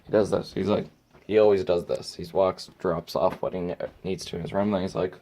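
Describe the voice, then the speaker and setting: Young man, home vlogger, fed-up ranting, low-ish voice. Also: fairly even intonation, a little fast, mellow, a little hiss or hum. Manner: exasperated ranting, swearing. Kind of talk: casual ranting vlog. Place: his bedroom at home.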